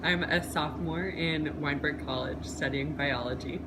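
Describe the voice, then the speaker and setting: Low-voiced young woman telling a story. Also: normal speed. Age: 20s. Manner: animated storytelling, voice rising as she tells it. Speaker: biology student. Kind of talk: recounting a personal story in an interview. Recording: noisy background.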